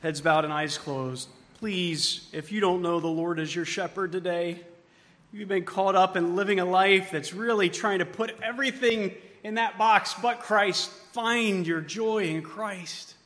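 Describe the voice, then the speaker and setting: A man preaching a sermon as pastor, moving from hushed, tender passages to loud, emphatic ones. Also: high voice, unhurried. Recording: long hall reverb.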